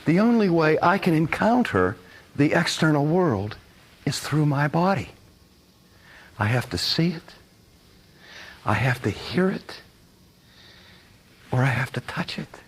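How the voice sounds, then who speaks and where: An older man lecturing with a voice that rises and falls with animation. He sits a little high in pitch and slips into playful voices to act out his examples. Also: sing-song, slow pace, pauses often, slightly rough. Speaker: teacher. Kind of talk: recorded lecture.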